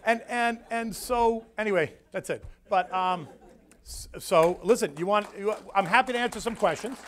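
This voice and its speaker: A man from the United States, a floor broker speaking as guest, telling a story in a rambling, animated way that repeats his words. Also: high-pitched, moderate pace, some chatter behind. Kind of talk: casual emotional storytelling talk.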